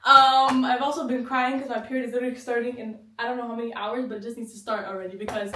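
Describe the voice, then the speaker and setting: High-voiced American woman, roomy echo. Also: level tone, fast, sharp tone, slight background noise. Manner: candid, laughing, swears freely. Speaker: podcast co-host. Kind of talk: casual chat. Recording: roomy echo, mic at a distance.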